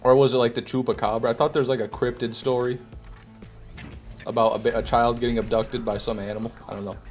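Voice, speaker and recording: A young man with a Michigan accent talks casually over his gameplay and answers his chat with teasing, mock-outraged banter. His pitch sits in a middle range, with faint music under his voice. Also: little pitch movement, quick pace. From Michigan, USA. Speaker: streamer reading chat. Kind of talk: casual live-stream commentary.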